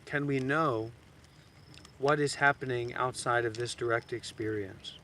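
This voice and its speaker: A man's voice: mid-range voice, steady tone, unhurried. A man teaching meditation outdoors in a blunt, teasing way. His voice sits in a middle register, and a faint hiss of outdoor noise runs underneath. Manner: blunt, teasing, suddenly loud then soft. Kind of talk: dharma talk. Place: outdoors in a graveyard.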